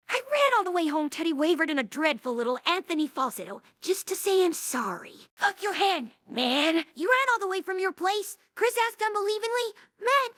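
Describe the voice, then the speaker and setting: A man voicing a brash young female cartoon pony, reading a novel aloud in character with a boyish, husky drawl. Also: extremely high pitch, sharp tone, no echo, clean studio sound, heavily acted.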